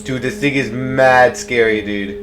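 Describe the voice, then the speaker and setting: A young man playing a horror game, swearing in panic, yelling at monsters and muttering low when tense. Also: steady tone, unhurried, over music. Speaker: gamer.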